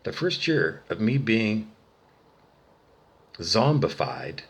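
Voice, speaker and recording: A man ranting angrily and profanely to the camera, swinging between low muttering and loud outbursts. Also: big pitch swings, slow pace, husky. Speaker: vlogger. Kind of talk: angry solo rant to camera.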